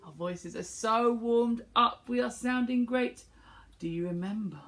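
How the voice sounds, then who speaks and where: A woman music teacher leading a singing assembly for young children, cheerful and encouraging as she calls out warm-ups for them to copy. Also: fairly high pitch, unhurried.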